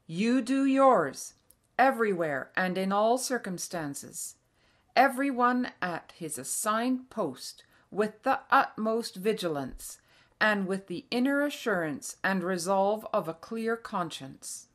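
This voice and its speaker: A woman's voice: mid-range voice, fairly bright tone, voice pushed up. A woman reading the part of a dignified, outraged queen declaiming a formal wartime address.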